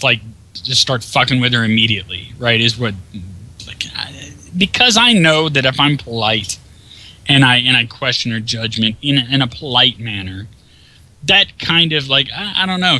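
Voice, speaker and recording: A man ranting over his gameplay in a profane, exasperated manner. His voice is very bright and sharp, at a middling pitch. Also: animated, normal speed, no echo, poor audio. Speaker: gameplay commentator. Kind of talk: casual ranting commentary.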